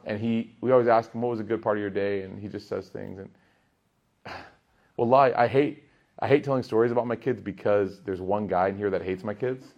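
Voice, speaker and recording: A man in his thirties giving a casual religious talk to a gathering, telling jokey stories about his kids and getting loud in the funny parts. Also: fairly low pitch, a little fast. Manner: storytelling, jokey, animated, rising loud in funny bits. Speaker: religious teacher. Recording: dull lo-fi sound.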